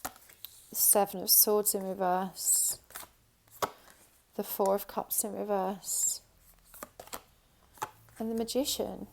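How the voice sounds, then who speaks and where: A woman with a sore throat and an odd high-pitched twang, giving a pick-a-card tarot reading and often saying what she feels. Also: flat delivery, slow pace, creaky, long pauses, a little mellow, a little hiss or hum. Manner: intuitive, repeats "I feel like". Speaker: tarot reader.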